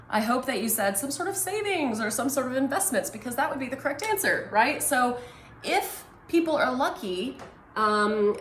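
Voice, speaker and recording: A woman's voice: fairly high pitch, fairly bright tone. A woman, a money coach explaining finances in a casual, conversational way as she draws on a board. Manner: conversational, drawing as she explains, many fillers. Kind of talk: whiteboard financial talk. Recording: echoey room, faint ambient noise.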